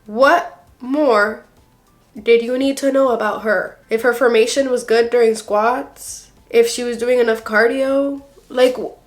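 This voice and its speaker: A woman's voice: fairly high pitch, fairly even intonation, unhurried, soft background music. A young woman giving a casual, sassy reaction commentary on a reality show, full of fillers and mock quotes. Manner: sassy, lots of fillers, mocks people in quoted voices. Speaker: reaction vlogger.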